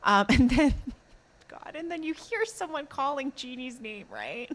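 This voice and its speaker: A woman co-hosting a podcast, recapping a drama in casual chat, animated with many fillers and laughs. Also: sits high, a little slow. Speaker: podcast co-host.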